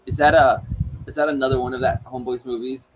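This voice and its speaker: A man's voice: medium pitch, steady tone, fast, slight background noise, low-quality recording. A man co-hosting a podcast who talks casually and playfully about films, teasing his friend and swearing now and then. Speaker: podcast co-host. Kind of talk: casual film chat.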